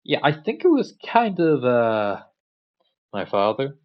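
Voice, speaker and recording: A man's voice: mid-range voice, huge pitch swings, slow pace, muffled recording. A man voicing a polite but casual teenage boy hero, speaking plainly and earnestly.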